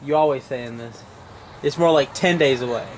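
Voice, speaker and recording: A man's voice: mid-range voice, moderate pace. Wry man behind a noisy camera. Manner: dry, needling corrections. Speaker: son filming behind the camera. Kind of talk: casual teasing back-and-forth.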